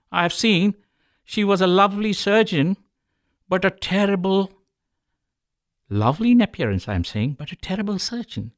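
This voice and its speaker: A man's voice: high voice, fairly bright tone, no echo, clean studio sound. A man who is a doctor hosting a local radio health show, telling corny medical jokes and calling his listeners folks. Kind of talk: joke-filled radio talk.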